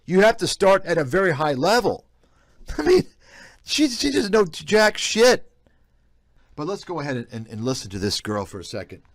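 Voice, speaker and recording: A man's voice: on the high side, very animated, moderate pace, dry recording. A man giving blunt, scornful commentary on a live stream, reacting to clips. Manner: blunt, scornful, repetitive ranting. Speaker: host, investment analyst.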